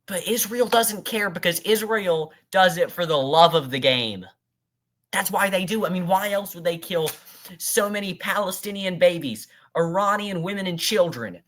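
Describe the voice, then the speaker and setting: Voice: medium pitch, animated, normal speed, a bit bright. A political commentator with a mid-range voice rants over a played speech. The delivery is heated and scornful, speaking straight at the speaker as if face to face. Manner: ranting, addresses the speaker directly, scornful.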